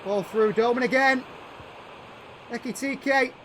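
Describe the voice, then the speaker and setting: A man giving play-by-play commentary over a football video game, calling names in short bursts and shouting when chances come. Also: very high voice, slow pace, slight background noise. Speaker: gaming YouTuber doing live commentary.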